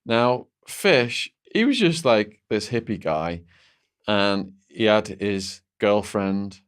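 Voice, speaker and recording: A man's voice: fairly low pitch, expressive, takes it slowly, smooth. A man as an interview guest, recounting a personal story vividly, with many "like"s and restarts.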